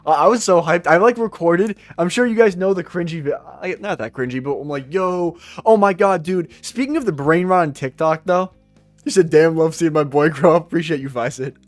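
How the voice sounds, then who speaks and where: A young man with a slightly high voice hosts a trading livestream and chats in a loose, slangy way, answering viewer comments with quick jokes. Faint music plays quietly behind him. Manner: loose, joking, slangy, reacts to chat with quick laughs. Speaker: livestream day trader. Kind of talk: casual livestream chat reading viewer comments.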